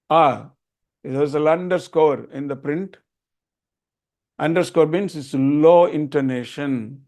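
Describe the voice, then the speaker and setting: A man's voice: fairly high pitch, takes it slowly, darkish tone. An older man, teaching a group how to chant and repeating his key points earnestly. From Tamil Nadu, India. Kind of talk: explaining a lesson to a group.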